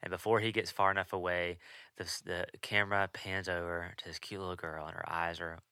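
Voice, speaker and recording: Brisk and low, with little pitch movement, this young co-host's voice sounds pushed and bright but clear and resonant. He's chatty, quick to laugh, and tells stories in a casual podcast conversation, recorded at studio quality with no echo.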